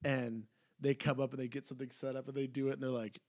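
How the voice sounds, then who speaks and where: A young man co-hosting a casual wrestling podcast, excitable, his voice jumping up when he retells funny moments. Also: medium pitch, fast talker. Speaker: podcast co-host. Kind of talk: casual chat.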